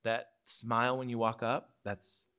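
Male co-host from Seattle, mid-range voice, relaxed storyteller, laughs easily. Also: mid-range voice, unhurried, clear, resonant tone. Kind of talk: live podcast conversation.

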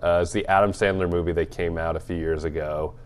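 A man's voice: low-pitched, fairly even intonation, quick pace, a little hiss or hum. A young man co-hosting a casual movie podcast, laid-back and joking, laughing often as he chats. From Atlanta area. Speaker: podcast co-host.

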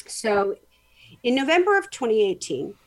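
A woman's voice: on the high side, very animated, moderate pace. A woman hosting a podcast, telling a story in casual chat, rambling with lots of fillers and restarts. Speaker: podcast host.

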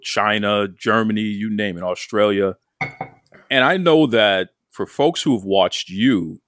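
A man with a fairly low voice hosts an interview show, asking his questions with playful enthusiasm. The sound is dry and close, with no room echo, and he teases his guest in a friendly, upbeat way. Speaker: podcast host. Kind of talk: podcast interview.

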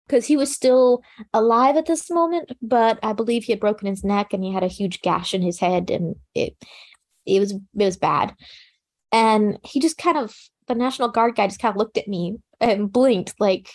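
Calm, matter-of-fact woman telling her story. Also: mid-range voice, moderate pace. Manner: plain conversational fillers like "you know" and "like". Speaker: interview guest. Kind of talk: personal survival story in conversation.

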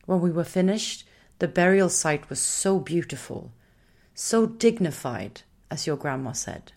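Woman doing big soft forest creature lady, calm and slow, a bit low, bossy when she has to be, storybook vibe. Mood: grave, indignant.

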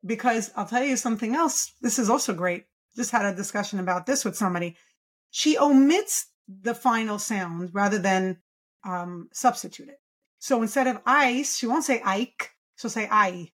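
A woman who works as a pediatric speech-language pathologist speaks as a guest in a podcast interview. In a mid-range voice at a moderate pace, she explains enthusiastically and emphatically, posing rhetorical questions.

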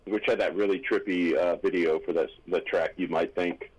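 A man's voice: deep voice, fairly even intonation, moderate pace, lo-fi sound. A man chatting casually on a radio show, telling rambling anecdotes full of restarts and asides.

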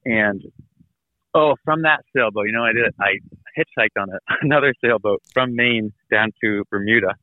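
A man's voice: fairly low pitch, normal speed, no echo. A man in his thirties telling a long travel story over a call, rambling and laughing as he acts out the people in it. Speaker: guest. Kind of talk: casual storytelling. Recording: tinny phone-like line.

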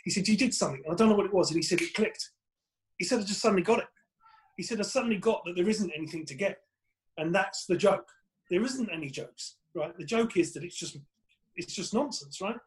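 A man's voice: high voice, fast talker, low-quality recording. A man, a comedian guest on a podcast, telling rambling anecdotes in casual chat with plenty of swearing.

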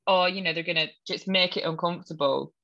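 A woman's voice: lowish voice, fairly even intonation, fast, a bit bright, lo-fi sound. A young woman from Hull with a Hull accent, chatting casually and laughing often with wry humour. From Hull, England. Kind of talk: casual chat.

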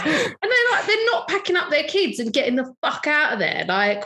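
A woman hosting a casual podcast, animated and swearing, often acting out silly voices. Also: high-pitched, brisk, few pauses, crowd noise. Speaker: podcast host. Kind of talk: casual chat.

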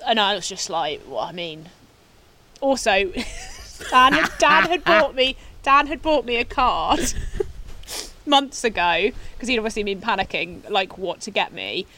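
A woman's voice: medium pitch, lively intonation, measured pace, sharp tone. A young woman, chatting casually as a podcast guest, laughing often and swearing offhandedly. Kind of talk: casual chat.

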